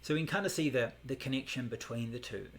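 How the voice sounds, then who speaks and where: Man, meditation teacher, gravelly voice, relaxed explanatory talk, faint hiss behind. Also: mid-range voice, quick pace. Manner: relaxed, explanatory, many fillers. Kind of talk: Buddhist meditation class talk.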